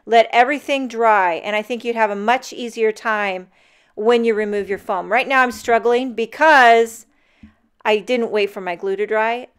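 A woman's voice: fairly high pitch, normal speed, smooth. A woman narrating a casual craft tutorial in voice-over, chatty and talking straight to the viewers. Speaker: card-making crafter.

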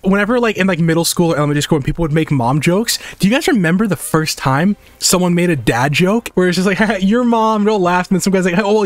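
Animated young man streaming with music. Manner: joking, self-mocking, swears a lot; mocks chat in high squeaky voices. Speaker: art streamer. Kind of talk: casual livestream chat. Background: faint music.

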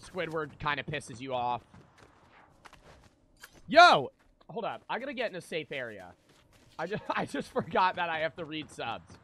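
A man's voice: fairly high pitch, big pitch swings, normal speed, fairly bright tone. A man live-streaming a video game, chatting casually with viewers and swearing freely as he rambles. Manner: profane, rambling, talks to chat.

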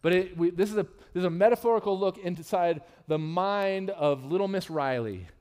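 A man's voice: normal speed, clear, resonant tone. Candid, joking male pastor preaching. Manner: candid and humorous, with lively swings in pitch and loudness. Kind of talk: sermon. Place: church sanctuary.

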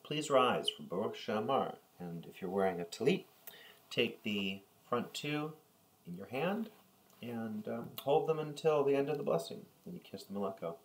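A man leading a prayer service as a lay reader, reading and chanting the liturgy and giving halting, unhurried asides with fillers, often clearing his throat. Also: mid-range voice, animated.

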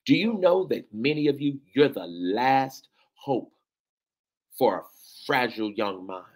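Addressing teachers, a man with a medium-pitched, expressive voice speaks a little slowly in a fervent, preacher-like style. He grows emotional, sometimes close to tears, repeating phrases and calling out to his listeners.

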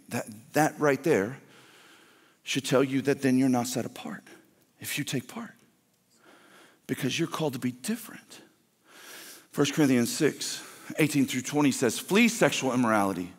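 A man preaching a conversational, intense sermon as a guest pastor, full of quick restarts. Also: medium pitch, lively intonation, slightly rough, long reverb tail.

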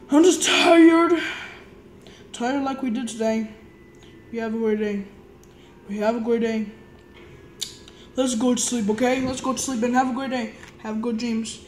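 A woman improvising a toy play story, stammering and repeating words as she jumps between excited squeals and soft, sleepy lines. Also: on the high side, measured pace, pauses often, echoey room, a little hiss or hum, low-quality recording.

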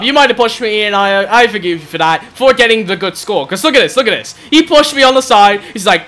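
A man giving excitable live gameplay commentary as a gaming channel host, shouting and groaning at the game. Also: sits high, a little fast.

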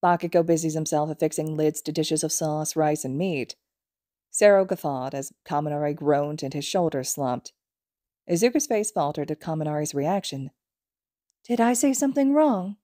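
A woman narrating fan fiction as an audiobook, in a calm, even storytelling manner. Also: low voice, moderate pace, no room sound, studio quality. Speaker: podfic reader.

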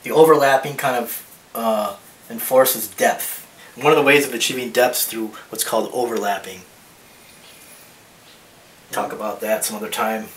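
Male art teacher, mid-pitched, rambling demo talk, distant mic, echoey room. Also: fairly even intonation, moderate pace, long pauses, fairly bright tone. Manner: thinking aloud, rambling with restarts. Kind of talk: drawing demonstration. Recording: roomy echo, mic at a distance, faint hiss.

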